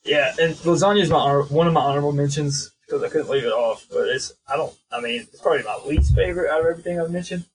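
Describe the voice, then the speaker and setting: A man's voice: fairly high pitch, fast talker, few pauses, husky, rough recording. A young man co-hosting a podcast, talking in an easygoing, agreeable way with frequent fillers. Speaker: podcast co-host. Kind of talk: casual chat.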